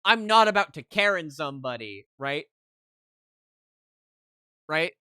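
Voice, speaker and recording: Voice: mid-range voice, very animated, measured pace, sharp tone, smooth, dry recording, clean studio sound. A streamer telling a story to chat in a heated, casual rant, keeping on asking "right?".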